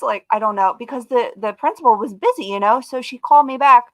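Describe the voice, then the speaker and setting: Chatty woman telling an animated story. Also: fairly high pitch, fast, no room sound, rough recording. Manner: animated storyteller, lots of "like" and "dude". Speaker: guest. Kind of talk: casual chat on a live webcast.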